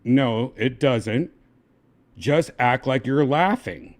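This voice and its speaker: A man hosting a casual livestream who talks in a pushy, halting way and keeps restarting his sentences. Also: medium pitch. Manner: pushy, halting, repeats himself. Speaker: livestream host.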